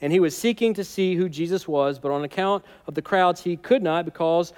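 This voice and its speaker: A man's voice: high-pitched, fairly quick, darkish tone, smooth. A man preaching a sermon in a conversational, humorous and emphatic way. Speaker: pastor.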